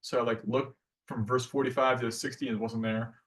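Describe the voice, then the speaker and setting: A man's voice: mid-range voice, little pitch movement, fairly quick, a bit bright, distant mic. A man giving a casual devotional class, talking earnestly and conversationally with many restarts.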